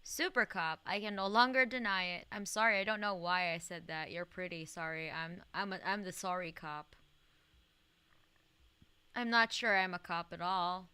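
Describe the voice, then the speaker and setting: Bright, swearing young woman streamer. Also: on the low side, moderate pace, clean tone, no room sound. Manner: rambling, swearing, many "like" fillers; laughs often. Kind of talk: casual live-stream gaming chat.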